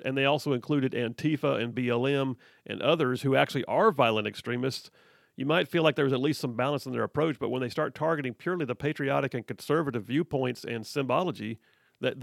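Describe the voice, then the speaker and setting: A man hosting a talk radio show, speaking in an energetic, emphatic and folksy way. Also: medium pitch, fast talker, creaky, no echo, clean studio sound. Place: radio studio. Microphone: studio mic.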